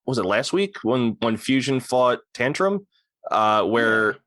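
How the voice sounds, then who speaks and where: A man's voice: mid-range voice, big pitch swings, a little slow, a bit bright, no echo. A man co-hosting a podcast in casual chat, hesitant and often restarting his words. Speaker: podcast co-host.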